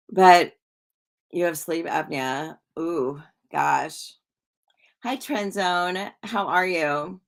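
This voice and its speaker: A middle-aged woman chats on a livestream in a rambling, easygoing way, answering viewer comments as she goes. Her voice sits a little low, and she takes her time over every phrase. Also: extremely slow, pauses often. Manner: chatty and rambling, with frequent restarts and soft laughs. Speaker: psychic livestream host. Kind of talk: casual livestream chat reading viewer comments.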